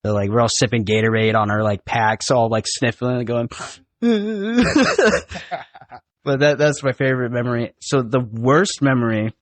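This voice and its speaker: A young man in a podcast studio, telling animated, profane stories in a casual, rambling way. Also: medium pitch, a little fast, few pauses, dry recording. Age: young adult. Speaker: podcast guest. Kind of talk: casual storytelling.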